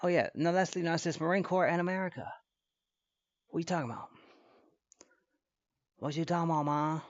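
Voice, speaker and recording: A man reacts on a live stream from his computer, casually rambling, swearing, and trash-talking. His voice is on the high side, fairly quick, and fairly even in intonation, captured by a desk computer mic as dry, dull audio.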